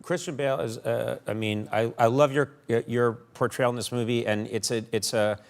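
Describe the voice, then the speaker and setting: A man interviewing, asking questions in a halting way with many restarts. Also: mid-range voice, steady tone, gravelly.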